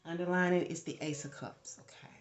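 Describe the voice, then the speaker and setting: A woman giving a casual tarot reading, chatty and animated, swearing freely when she gets worked up. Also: fairly low pitch, a little fast, echoey room. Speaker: tarot reader.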